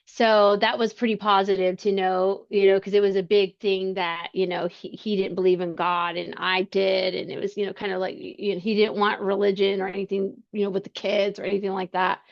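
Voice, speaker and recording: A woman's voice: mid-range voice, flat delivery, vocal fry. Woman guest on a podcast, earnest, keeps restarting her sentences, kinda muffled lo-fi audio. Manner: earnest, halting, with many restarts. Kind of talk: personal storytelling in conversation. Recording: slightly muffled lo-fi sound.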